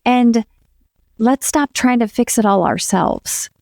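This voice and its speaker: Podcast co-host: a woman coach, earnest and encouraging, gravelly fry in her voice, dry close mic. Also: a little high, takes it slowly, warm tone, dry recording. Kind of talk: casual podcast conversation.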